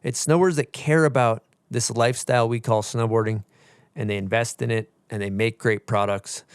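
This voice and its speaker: A man hosting a casual podcast, reading a sponsor spot and chatting with guests, upbeat and quick to laugh. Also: mid-range voice, fairly even intonation, smooth, no echo, studio quality. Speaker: podcast host. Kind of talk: casual podcast chat and ad read. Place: small podcast studio.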